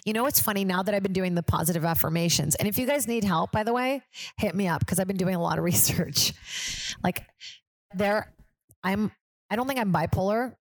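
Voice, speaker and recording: A woman's voice: medium pitch, fairly quick, no echo. Chatty young woman comedian, dry close mic. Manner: chatty, rambling, self-deprecating. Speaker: podcast host, stand-up comedian. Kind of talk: casual chat.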